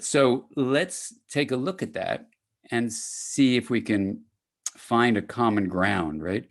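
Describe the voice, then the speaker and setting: An older man giving a conversational academic lecture to clinicians, lively and acting out little dialogues. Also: normal speed. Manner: animated, conversational, acts out dialogues with rising pitch.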